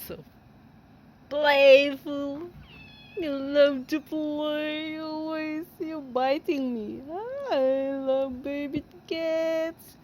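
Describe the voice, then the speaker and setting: A woman filming her cats at home, talking to them in slow, cooing baby talk and laughing often. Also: high voice, steady tone, a little mellow, a little hiss or hum. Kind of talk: casual baby talk to kittens. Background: kittens meowing.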